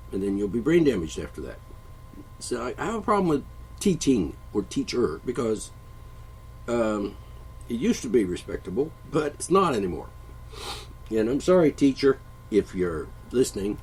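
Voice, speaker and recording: A man hosting a solo monologue show, rambling and profane, often stopping to clear his throat. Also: fairly low pitch, a little hiss or hum, poor audio. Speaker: podcast host.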